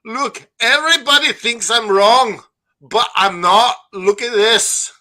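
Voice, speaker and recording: A man's voice: very high-pitched, takes it slowly, sharp tone, pitched above the performer's own voice, exaggerated voice. A man doing a mocking impression of a smug adult friend who insists he is right.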